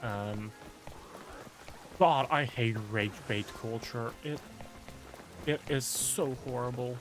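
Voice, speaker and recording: A man's voice: mid-range voice, takes it slowly, pauses often, a bit bright. A man chatting casually while streaming a game, rambling and musing aloud with lots of filler words.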